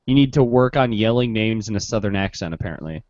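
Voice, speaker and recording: A man's voice: fairly low pitch, expressive, fast, very noisy. A man chatting on a panel in a blunt, jokey way, heard over lo-fi call audio. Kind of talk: joking panel chat.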